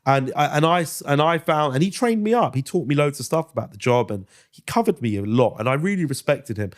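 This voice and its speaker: With an expressive voice on the high side and a slightly quick pace, this British guest actor and comedian in his thirties spins lively stories during a casual podcast interview, cursing freely and breaking into impressions.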